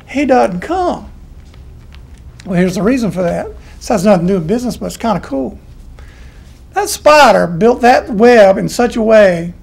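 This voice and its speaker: Gravelly folksy man lecturing a class. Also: very high voice. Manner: folksy, animated storytelling with acted-out quotes. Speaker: college lecturer.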